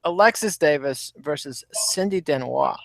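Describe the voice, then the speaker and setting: A man hosting a casual fight podcast, running through the card in a brisk, wry way. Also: a little high, expressive, vocal fry, slight background noise. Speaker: podcast host. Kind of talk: casual chat.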